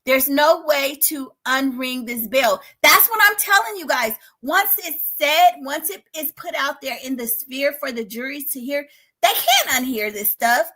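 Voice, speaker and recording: A middle-aged woman livestreams excitable commentary on a trial from a home studio set up in a spare bedroom. Her high, expressive voice moves at a normal pace as she exclaims and laughs loudly, then drops dramatically to a hush.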